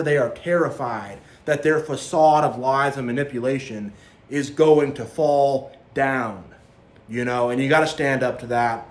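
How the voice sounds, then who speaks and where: Here a mid-range male voice carries a roomy sound. The speaker is a spiritual vlogger giving a fervent, preachy monologue to camera that circles back on itself, cautioning his audience and ridiculing others by quoting them in put-on voices.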